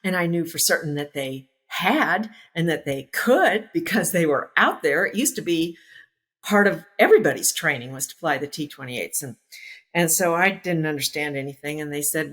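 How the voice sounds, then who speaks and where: Woman, 60s, former pilot, lowish voice, casual anecdotes, acts out quotes, laughs easily. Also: expressive, normal speed, fairly bright tone. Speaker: former naval aviator, interview guest.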